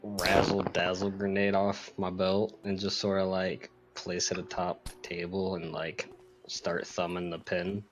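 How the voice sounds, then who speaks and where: Slow, laid-back male player. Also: low-pitched, monotone. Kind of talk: playing a tabletop game.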